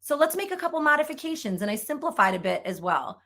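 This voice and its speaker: A woman's voice: sits high, big pitch swings, fast talker, pushed and bright. A middle-aged woman delivers a conference keynote as a sales trainer. Her delivery is upbeat and emphatic, and she drives points home by repeating them.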